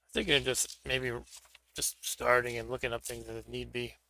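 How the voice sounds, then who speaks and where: A man's voice: mid-range voice, level tone, moderate pace, gravelly, bright, forceful tone. A man hosting a board game stream, chatting casually and thinking aloud as he sets up pieces for a solo game. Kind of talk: casual solo play-through commentary.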